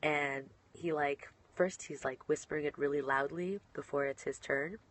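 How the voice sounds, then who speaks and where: A woman's voice: low voice, fairly even intonation, normal speed. A young woman, a professional wrestler, chatting casually while answering online questions, bubbly and giggly and often trailing off mid-sentence.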